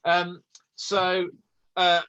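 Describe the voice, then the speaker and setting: A man with a Birmingham accent chats over a video call, bright and forward in tone. He rambles along with plenty of ums and pokes fun at himself. The sound is close and dry. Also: high voice, monotone, drawn-out words, clear, resonant tone, dry recording, highs cut off. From Birmingham, England. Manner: rambling, self-mocking, with many ums. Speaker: guest on a motoring chat show. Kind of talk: casual storytelling chat.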